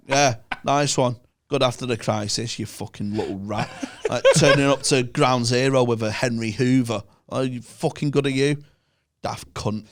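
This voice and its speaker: A man's voice: mid-range voice, steady tone, normal speed. A young man with a Northern English accent, a podcast guest ranting and telling stories in casual, sweary chat.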